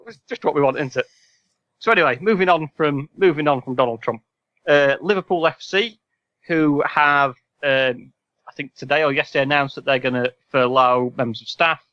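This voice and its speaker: A man's voice: a little high, normal speed, sharp tone, dry recording. Sarcastic man hosting a quiz. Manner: sarcastic, rambling with fillers. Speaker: podcast co-host and quizmaster. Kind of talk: casual podcast chat. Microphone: video call. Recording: slightly dull call audio.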